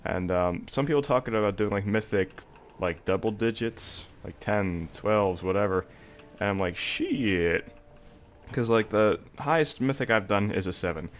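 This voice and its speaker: Congested young man, low voice. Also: moderate pace, soft background music. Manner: rambling, heavy on fillers like "like" and "um". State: congested, sore throat. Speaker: gaming video creator. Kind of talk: casual gameplay commentary.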